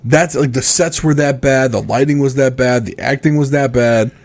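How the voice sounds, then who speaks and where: A man's voice: mid-range voice, normal speed. A man co-hosting a podcast in casual chat, ranting freely and swearing often. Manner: animated, swears freely, exasperated rants. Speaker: podcast co-host.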